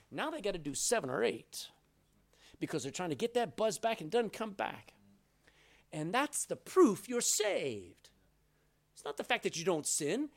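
A man preaching a sermon, swinging between loud and soft, reading scripture aloud. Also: high voice, gravelly. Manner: reads scripture aloud in old-style wording. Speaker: pastor.

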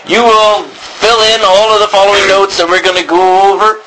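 A man's voice: high-pitched, fairly even intonation, moderate pace, background noise. A man teaching a class on biblical Greek, rambling with many ums and restarts. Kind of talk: classroom lecture.

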